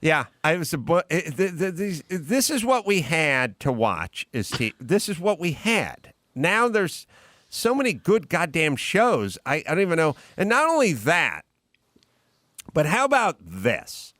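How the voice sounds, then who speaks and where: A man's voice: a little high, unhurried, no room sound, studio quality. A man hosting a podcast, telling a comic story in a casual chat and acting out the people in it. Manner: animated, acts out characters in anecdotes. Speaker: podcast host.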